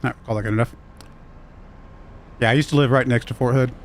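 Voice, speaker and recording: Over slight background noise, a man speaks fast in a medium-pitched voice with fairly even intonation. He has a slight Southern US accent and keeps up chatty, rambling commentary while streaming a farming game, chuckling often.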